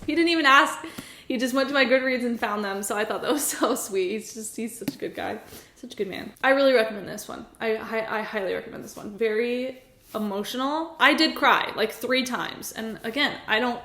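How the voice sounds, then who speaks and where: A young woman with a fairly high voice chats earnestly about books she loved, gushing and laughing easily. Her voice rings in an echoey room at home. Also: fairly bright tone. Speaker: book vlogger. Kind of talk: casual book review chat.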